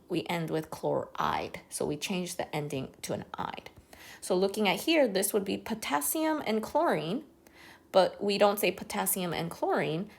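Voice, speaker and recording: A woman's voice: mid-range voice, vocal fry. A woman teaching a recorded chemistry lesson, explaining patiently step by step.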